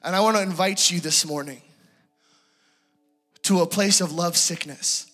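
Male preacher, bright and fairly high, sermon testimony, hushed to impassioned. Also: normal speed, faint music behind. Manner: hushed and tender, rising to impassioned pleading.

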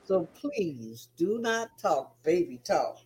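A woman's voice: on the low side, very animated, takes it slowly, a little mellow, breathy edge, rough recording. An older woman, the host's mother, giving frank, motherly advice as a guest co-host in casual chat.

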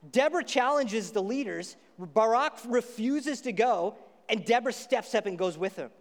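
A man pastor preaching a sermon, casual and animated as he retells a story. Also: extremely high pitch, moderate pace. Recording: echoey hall reverb.

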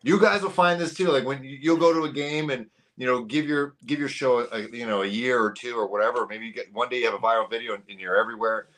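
Man from canada, thirties, podcast guest, lively storyteller, acts out the voices he quotes. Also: mid-range voice, fast, few pauses. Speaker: podcast guest, sports YouTuber. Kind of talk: casual chat.

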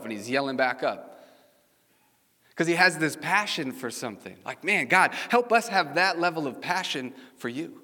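Before a congregation in a church sanctuary, a male pastor with a slightly high, pushed and bright voice gives a casual sermon. He tells stories and asks the audience questions, and the recording has a large hall's long reverb.

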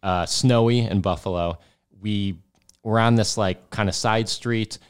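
A man's voice: fairly low pitch, unhurried, smooth. A man, a podcast host, telling a funny story and laughing as he goes. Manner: laughs through his own punchline. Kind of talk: casual storytelling.

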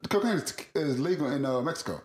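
A man spins a rambling story in casual chat, laughing and cursing as he goes. His pitch swings widely and expressively. The voice carries a noticeable room echo. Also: quick pace. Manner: rambling, laughing, profane, animated.

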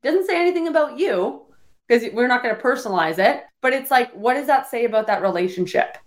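A woman's voice: on the high side, animated, fast talker. A woman hosting a casual solo podcast, coaching her listeners directly with a rambling flow full of "like" fillers. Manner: rambling, heavy use of "like" fillers. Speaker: podcast host.

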